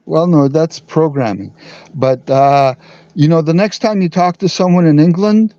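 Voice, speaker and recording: A man calling in to a talk show, explaining earnestly with halting restarts. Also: on the high side, mellow, no room sound, highs cut off. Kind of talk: casual call-in talk.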